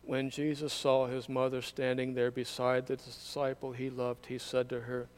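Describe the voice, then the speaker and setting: Brief: male scripture reader at a candle service, resonant and even, solemn. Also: mid-range voice, clear, resonant tone. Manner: measured, solemn reading.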